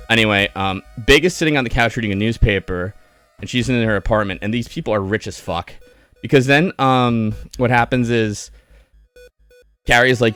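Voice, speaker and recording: A man's voice: fairly low pitch, fairly bright tone. A man giving a casual, rambling movie review on a stream, sardonic and full of fillers and restarts.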